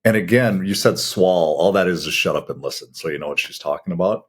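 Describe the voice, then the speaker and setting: A man's voice: low voice, fairly quick, slightly rough. A middle-aged man co-hosting a coaching podcast, talking in a blunt, folksy, conversational way. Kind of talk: casual coaching talk.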